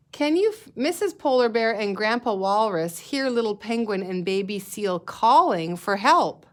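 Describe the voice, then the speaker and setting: A woman teacher guiding young children through a reading lesson at an unhurried pace. She sounds out letters and words carefully and patiently, in a mid-range voice. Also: medium pitch. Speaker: elementary school teacher.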